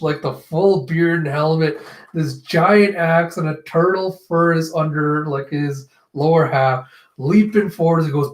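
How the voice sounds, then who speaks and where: Man reacting to a comic, acts out lines loudly, laughs a lot, higher voice, echoey room. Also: a little slow. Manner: acts out characters' lines with raised voice, laughs often. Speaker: manga reaction host. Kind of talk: casual manga reading and reaction.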